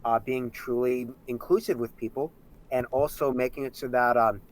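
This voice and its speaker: A man's voice: medium pitch, fairly even intonation, moderate pace, low-quality recording. A man co-hosting a casual live-streamed nerd talk show, rambling with many fillers and restarts. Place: home setup, streamed live.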